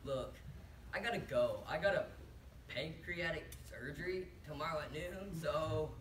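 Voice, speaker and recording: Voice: medium pitch, measured pace, natural voice. A performer voicing a laid-back, offhand surfer bro in a competitive humorous interpretation. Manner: casual, offhand. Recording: roomy, distant, noisy tournament room.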